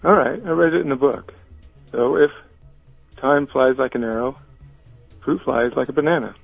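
A man calling a radio show to tell a short joke, speaking in a hesitant, halting way. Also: medium pitch, creaky, breathy edge, no room sound. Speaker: caller. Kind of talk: telling a joke on a phone-in show. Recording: dull phone line with show music behind.

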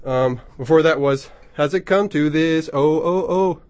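A man working as a radio DJ in a studio, chatting casually and excitably between songs, rambling with lots of ums. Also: a little high, a little slow, dry recording. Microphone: studio microphone.

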